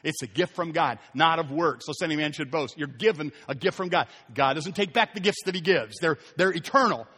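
A man delivers a sermon in a church. His voice sits high, and he tells his stories in an animated way, acting out the people in them. A long hall reverb trails after every phrase. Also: a little fast, few pauses, husky. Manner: animated storytelling, voices quoted characters. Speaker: pastor. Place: church sanctuary.

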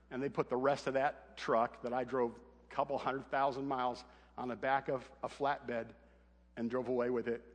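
A man's voice: mid-range voice, big-room sound. A middle-aged man, a pastor, telling a humorous family story in a sermon, acting out the voices. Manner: animated, humorous anecdote with acted quotes.

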